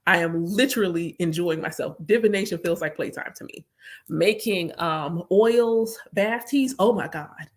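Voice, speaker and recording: A woman's voice: on the low side, moderate pace. A woman who works as a spiritual reader, chatting casually with viewers in an emphatic way and repeating her points. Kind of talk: casual live chat to viewers.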